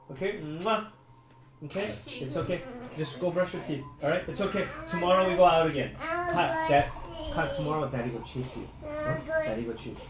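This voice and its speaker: A mother gently coaxing a small child to bed, speaking softly and repetitively from across the room, away from the mic. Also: low-pitched, roomy sound, low-quality recording. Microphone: off-mic, at a distance in the room.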